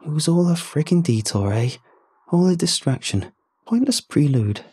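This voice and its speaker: A man voicing a giggling, unhinged woman in a horror story reading, his voice pushed up high and giddy. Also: very animated, unhurried, dark tone, breathy edge, heavily acted. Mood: cackling. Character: giggling unhinged woman, wife turning strange.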